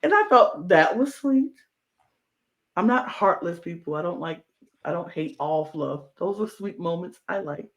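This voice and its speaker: Male podcast co-host, slightly high and gravelly voice, animated, playful casual recap. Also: measured pace. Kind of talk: casual chat.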